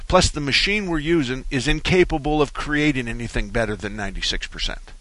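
A man's voice: mid-range voice, a little fast, few pauses, a bit bright, dry recording. A man hosting a talk radio car show, rambling through folksy stories in a studio. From Arizona. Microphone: studio microphone.

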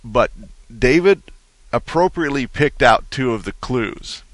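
A man hosting a call-in car repair radio show, explaining things slowly and folksily with frequent restarts. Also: mid-range voice, lively intonation.

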